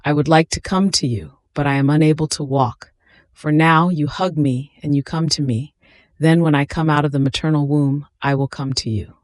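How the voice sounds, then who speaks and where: A reader voicing a suffering infant Christ in a slow, tender, pleading devotional reading. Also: medium pitch, dry recording, clean studio sound, close to an everyday voice.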